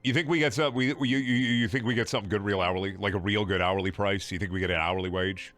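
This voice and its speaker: A man's voice: fairly low pitch, steady tone, fast talker, a bit bright, no echo. A man streaming a video game, talking in a sarcastic, rambling, profane way with frequent laughing and repeated words. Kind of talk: casual game livestream commentary.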